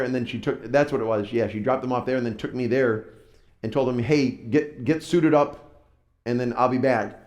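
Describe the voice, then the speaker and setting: A man preaching at middle pitch, telling a story in a relaxed, self-deprecating way. His voice rings in a roomy church hall. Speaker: pastor. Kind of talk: sermon storytelling. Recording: roomy echo.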